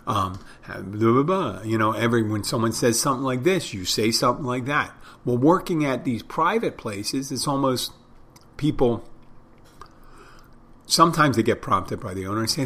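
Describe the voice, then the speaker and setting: A man's voice: mid-range voice, animated, moderate pace, fairly bright tone. A man hosting a podcast, rambling casually and jokingly acting out greetings he might use as a bartender. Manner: rambling, jokey, acts out greetings. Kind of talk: casual monologue.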